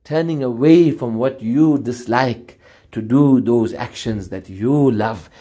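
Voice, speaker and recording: A man's voice: mid-range voice, slow, dark tone. A middle-aged man preaching a sermon with fervor, repeating phrases and chanting Arabic supplications. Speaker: Islamic preacher.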